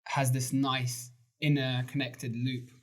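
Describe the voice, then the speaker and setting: A man's voice: medium pitch, flat delivery, slow pace. A man co-hosting a podcast, giving opinionated views in casual chat, with fillers. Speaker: podcast co-host. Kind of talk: casual film review chat.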